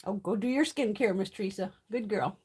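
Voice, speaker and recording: A woman's voice: mid-range voice, brisk, darkish tone, slightly rough. A woman hosting a beauty livestream from home, chatting casually in a blunt, profane way while sick. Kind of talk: casual live-stream chat.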